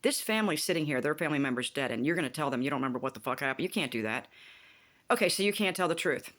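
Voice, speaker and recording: Woman, vlogger, casual rant, animated, profane, indignant. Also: sits low, rapid-fire. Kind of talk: casual rant about a TV show.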